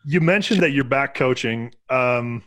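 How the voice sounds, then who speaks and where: A man's voice: mid-range voice, measured pace, a bit bright. A man co-hosting a podcast who asks the guest easygoing, loosely phrased questions. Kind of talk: interview questions.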